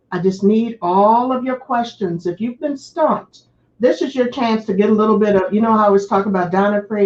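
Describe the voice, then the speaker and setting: A fast-talking, high-energy woman hosts an interview in casual chat, her voice sitting a little high. The sound is dull and lo-fi, with a noticeable echo of the room around her. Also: darkish tone. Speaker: host.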